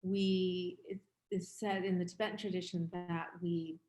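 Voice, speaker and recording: A woman in her fifties gives a dharma talk in a candid, reflective, conversational way. Her voice sits a little low, and the recording carries a roomy echo around her. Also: flat delivery, measured pace, darkish tone. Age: 50s. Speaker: meditation teacher.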